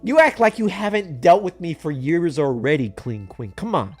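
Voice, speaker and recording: A young man giving jokey commentary over a video game playthrough, talking to his characters with big swings in pitch. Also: animated, normal speed, soft background music. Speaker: gaming YouTuber.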